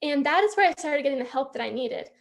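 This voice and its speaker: A woman's voice: sits high, expressive, fast talker, gravelly. A young woman from San Diego, speaking candidly and chattily to an audience as she tells her own story at a conference talk. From San Diego, California. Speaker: youth peer support speaker.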